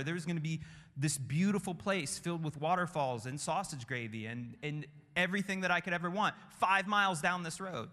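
A man preaching a sermon with passion, building through repeated phrases and dropping to hushed tones. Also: fairly high pitch. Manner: impassioned, rhythmic repetition, drops to hushed tones. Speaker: pastor. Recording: long hall reverb.

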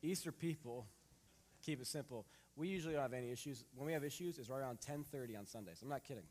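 A man in his thirties preaching a sermon, reading scripture and telling a family story in a lively, animated way. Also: medium pitch, quick pace. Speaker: pastor. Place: church hall. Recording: long hall reverb.

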